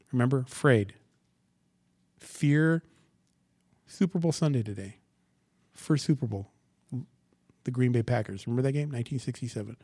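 A man preaching a sermon, asking the congregation rhetorical questions and swinging from quiet asides to loud, dramatic scripture reading. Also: medium pitch, no echo, clean studio sound. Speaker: pastor.

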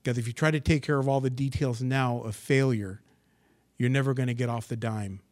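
A male pastor preaching a sermon, with a voice at a middle pitch. He reads scripture aloud and then comments on it. His delivery moves between soft, near-whispered asides and loud, rising bursts. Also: brisk. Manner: expressive preaching, swings from hushed asides to excited bursts. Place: church assembly.

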